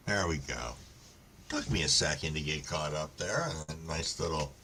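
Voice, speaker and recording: A man's voice: very deep voice, expressive, moderate pace, bright, forceful tone, a little hiss or hum. A man hosting a casual live stream, telling stories in a laid-back way with lots of swearing and greeting viewers by name. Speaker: livestream host reading chat.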